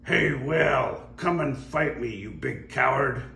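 An older man voicing a boastful, swaggering male skeleton pirate, loud and blustering, in a storybook read-aloud. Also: medium pitch, animated, slow, vocal fry, echoey room, slight background noise, pitched above the performer's own voice, heavily acted.

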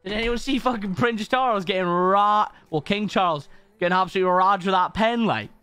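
A man's voice: sits high, fairly quick, sharp tone, smooth, no echo. A man streaming a video game live, chatting casually with viewers, rambling and swearing a lot. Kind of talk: casual live-stream chat while gaming.

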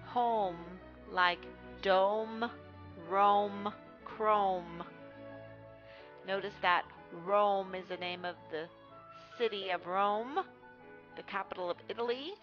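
A woman teaching a phonics lesson, reading words slowly and stressing each one for young readers. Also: medium pitch. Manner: slow, careful, stresses each word. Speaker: reading tutor. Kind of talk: phonics lesson read aloud. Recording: dull lo-fi sound with faint music.

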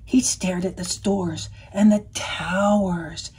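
Max the Cat, a woman voicing a breathy puppet cat. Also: fairly low pitch, steady tone, slow, darkish tone, full character voice. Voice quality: breathy, often half-whispered. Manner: playful, chatty, lingers over words. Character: friendly male puppet cat reading aloud. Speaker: storybook reader. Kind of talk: children's read-aloud with puppet.

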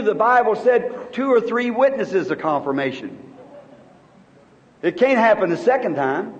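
Man, 50s, preacher, very high voice, earnest halting storytelling, muffled old tape. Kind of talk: storytelling sermon. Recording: dull old sermon tape in a reverberant hall.

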